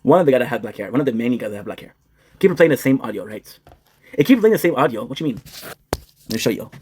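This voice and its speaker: A man's voice: mid-range voice, very animated, fast talker, darkish tone, slight background noise. A young man streaming, joking crudely and rambling as he switches between English and French. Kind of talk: casual joking chat.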